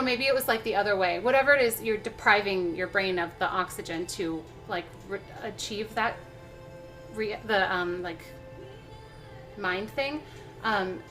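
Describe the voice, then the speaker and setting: Faint music plays behind a young woman whose slightly high, fairly bright voice carries her cooking livestream. She chats casually and rambles, using plenty of fillers and restarting often.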